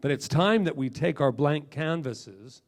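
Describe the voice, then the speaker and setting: Middle-aged male minister, gravelly, animated emphatic preacher. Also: fairly high pitch, measured pace. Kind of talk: sermon.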